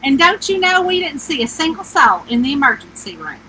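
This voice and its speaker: In a sing-song, fairly quick manner, a middle-aged author chats casually on a phone livestream from a small camper with the AC running, greeting each viewer by name. Her voice is high-pitched, squeaky and twangy, sitting well up in the higher range with a sharp, bright tone. The recording is rough, with a little background noise.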